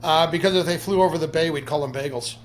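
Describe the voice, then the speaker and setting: A man's voice: on the high side, quick pace, slight background noise. A man as a podcast guest, answering casually with many restarts and hesitations.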